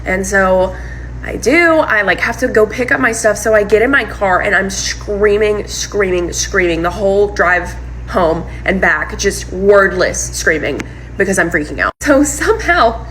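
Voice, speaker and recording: A woman telling a personal story in a casual monologue, animated and full of "like" and "um". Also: medium pitch, measured pace, slight background noise, poor audio. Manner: animated retelling, heavy use of "like" and "um". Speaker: storyteller recounting her breakup.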